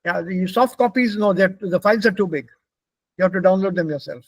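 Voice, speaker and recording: A man's voice: sits high, a little fast, no echo, poor audio. A man from India with an Indian English accent, teaching a German pronunciation class and patiently repeating words for his students.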